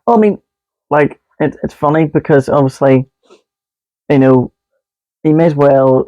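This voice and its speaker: A man's voice: medium pitch, normal speed, pauses often, no echo, highs cut off. A man co-hosting a podcast, joking in a casual chat, laughing often and going off on rambling asides. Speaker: podcast co-host.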